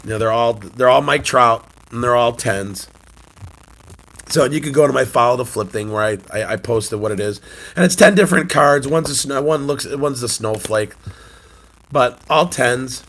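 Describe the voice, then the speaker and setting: A man's voice: medium pitch, moderate pace, a bit bright. A man in his forties hosting a casual morning chat on his channel, telling a family story with frequent laughter and a recurring cough. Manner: chatty storyteller, laughs often. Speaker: channel host, sports-card collector and youth coach.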